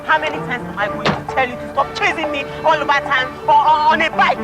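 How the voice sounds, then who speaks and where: A woman's voice: fairly high pitch, very animated, fairly quick, loud music behind the voice. A scornful young Nigerian woman. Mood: exasperated. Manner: scornful, exasperated. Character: irritated young woman refusing her boyfriend. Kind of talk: film drama acting. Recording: film audio with loud score and traffic.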